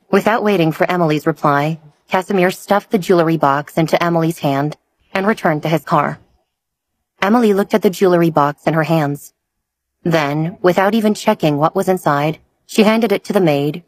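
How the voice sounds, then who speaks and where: A woman narrating a romance audiobook in steady storytelling. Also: fairly low pitch.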